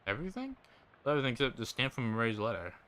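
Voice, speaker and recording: A man's voice: lowish voice, lively intonation, normal speed, sharp tone. A man casually commenting on a game and reading its text aloud as he plays. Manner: casual, offhand remarks. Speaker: gaming video host.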